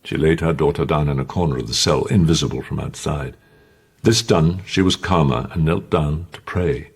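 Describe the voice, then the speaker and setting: A man narrating an audiobook in an expressive, dramatic way. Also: very deep voice, normal speed, slightly rough.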